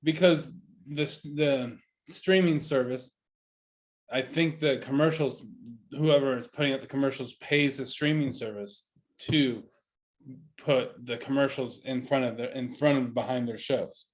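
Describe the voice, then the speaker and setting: Halting, easygoing man co-host. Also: mid-range voice, fairly even intonation. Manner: halting, repeats words, easygoing. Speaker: podcast co-host. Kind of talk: casual chat.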